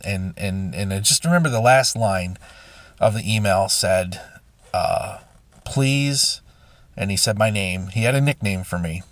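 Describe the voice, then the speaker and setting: A middle-aged man hosting a podcast, telling a painful personal story in a halting, emotional way with many restarts and sighs. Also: low-pitched, no echo. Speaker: podcast host. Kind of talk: personal confessional monologue.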